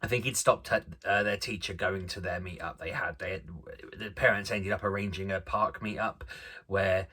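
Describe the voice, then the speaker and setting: Man, thirties, father, casual storytelling, laughing often, bright tone, lowish pitch. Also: fairly even intonation, normal speed, breathy edge. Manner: chatty, self-deprecating, laughs while telling stories. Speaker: family vlogger, father.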